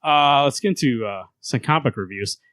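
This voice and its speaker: A man's voice: medium pitch, normal speed, a bit bright, dry recording. A man hosting a casual comic book podcast, retelling scenes in a rambling way and laughing as he goes. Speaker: podcast host.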